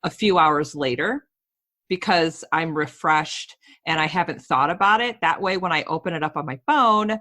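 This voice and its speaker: A woman who is a mother, hosting a podcast and chatting in a relaxed, conversational way. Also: sits low, normal speed. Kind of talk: casual interview chat.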